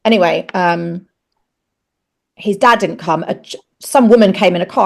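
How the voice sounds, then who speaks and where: A middle-aged woman talks openly as a podcast guest, her voice sitting at an ordinary middle pitch. She tells the story frankly and swears freely. When she plays out each exchange, she jumps up into animated, higher voices. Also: fairly quick, creaky. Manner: animated, acts out the dialogue in raised voices. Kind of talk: candid personal storytelling.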